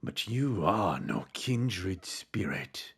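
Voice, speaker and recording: A man voicing a cold, brooding male reaper knight from a video game, speaking slowly in a low, solemn, menacing tone while reading its lines aloud. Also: big pitch swings, creaky, husky, full character voice.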